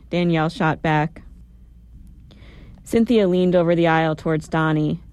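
A woman calmly narrating a first-person story with a reflective tone. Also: deep voice, measured pace, long pauses, no room sound. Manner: calm, reflective.

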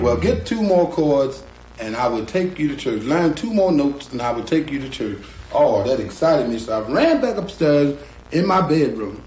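A middle-aged man, a guitarist, telling a story slowly and drawling, acting out the voices of the people in it. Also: medium pitch. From North Carolina. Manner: slow, drawling, acts out quoted voices. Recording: roomy echo, guitar behind.

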